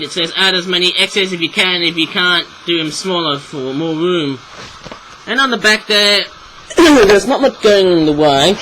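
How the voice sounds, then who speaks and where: A man's voice: on the high side, fairly bright tone, a little hiss or hum, rough recording. Rambling man with a frog in his throat. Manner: rambling, throat-clearing, chatty. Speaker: toy reviewer. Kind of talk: casual video review.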